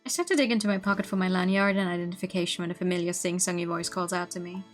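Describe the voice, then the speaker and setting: Expressive woman streamer reading a story game. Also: on the low side, rapid-fire, soft background music. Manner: expressive narration with laughing asides. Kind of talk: reading a visual novel aloud.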